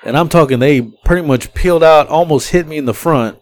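A man's voice: on the high side, a little fast, darkish tone. A man hosting a podcast, telling a story casually and profanely, acting out the people he quotes. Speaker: podcast host.

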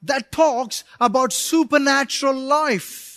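A man pastor preaching a sermon at a church service, animated and joking with the congregation, at times building to emphatic shouting. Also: extremely high pitch, slow, dry recording.

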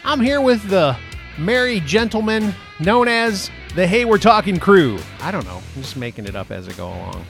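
A man's voice: high-pitched, very animated, moderate pace, gravelly, fairly bright tone, soft background music. A man hosting a podcast, chatting casually with a jokey, rambling manner. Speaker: podcast host. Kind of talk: casual chat.

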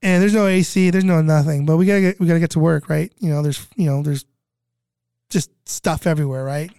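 A man's voice: fairly high pitch, steady tone, a little fast, mellow, smooth, no echo, clean studio sound. A middle-aged man from California telling a story in casual chat, rambling and repeating himself, acting out other people's voices. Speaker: guest recounting flood relief work.

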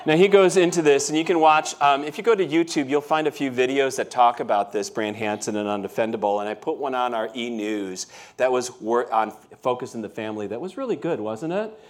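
A man's voice: mid-range voice, brisk, few pauses. A man preaching a sermon as pastor, telling everyday stories in a conversational way and often checking in with the congregation. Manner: conversational storytelling, asks the congregation questions. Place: church.

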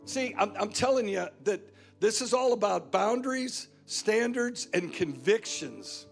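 A man's voice: high voice, expressive, a little slow, vocal fry, faint music behind. A man preaching a sermon as guest pastor, emphatic and repetitive, driving points home again and again. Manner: emphatic preaching with repeated phrases. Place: church.

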